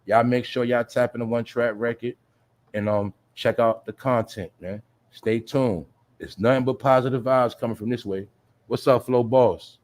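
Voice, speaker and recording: A man's voice: mid-range voice, fairly even intonation, normal speed, a little mellow. A man hosting a livestream show, talking casually in street slang, swearing and repeating his points to his listeners. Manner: streetwise slang, addresses listeners as "y'all", "you feel me"; profanity-laced.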